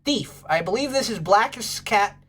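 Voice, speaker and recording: Bubbly, lively woman streamer. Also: medium pitch, moderate pace, breathy edge. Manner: bubbly, gushes over pets and thanks chat. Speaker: livestream host. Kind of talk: casual livestream chat.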